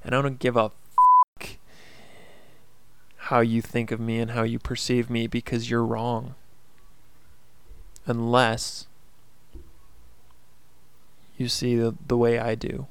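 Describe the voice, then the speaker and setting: A man's voice: medium pitch, wildly swooping pitch, a little slow, long pauses, bright, forceful tone, clear, resonant tone, no room sound. A man hosting his own casual podcast, talking in an earnest, upbeat motivational way with plenty of fillers. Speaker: podcast host. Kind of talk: casual solo podcast monologue.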